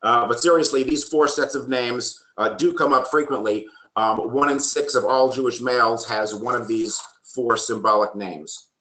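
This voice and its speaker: A man's voice: mid-range voice, steady tone, normal speed, hardly any pauses, fairly bright tone. A man presenting a genealogy workshop from slides, explaining steadily with frequent ums and the odd dry joke. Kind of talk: lecture with slides. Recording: roomy echo.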